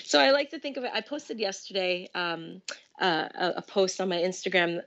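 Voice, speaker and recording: A woman's voice: lowish voice, lively intonation, moderate pace, fairly bright tone, dull audio. A woman in a casual interview, chatty and bubbly, laughing often and using lots of fillers. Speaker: guest artist.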